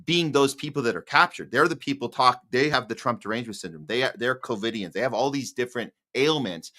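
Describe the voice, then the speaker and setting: A man hosting a live political podcast, with a bright, forceful voice. He asks long, earnest questions, circling back and restarting as he goes, in easy casual chat. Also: mid-range voice, fairly quick. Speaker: podcast host. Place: Hollywood.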